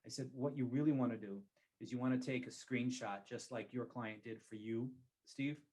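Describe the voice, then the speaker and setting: A man with a mid-range voice talks through real estate advice in a relaxed, conversational way. He leans on repetition to drive home his points and speaks with an agent's practiced confidence. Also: medium pitch, normal speed. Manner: emphatic, repeats key phrases for stress.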